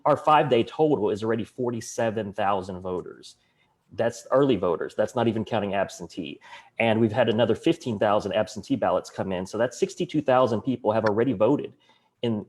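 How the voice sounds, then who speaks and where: A man with a Southern US accent talks in a fairly low voice, earnest and eager. He is a panelist on a video call and walks through figures with small restarts. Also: a little mellow. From Arkansas, US. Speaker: panelist, county election official. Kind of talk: online panel discussion.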